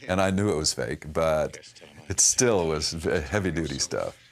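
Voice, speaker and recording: An older man, an actor, thoughtfully recalling his work in a reflective interview, speaking in a measured way with restarts and pauses. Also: rumbling low. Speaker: actor recalling a past production.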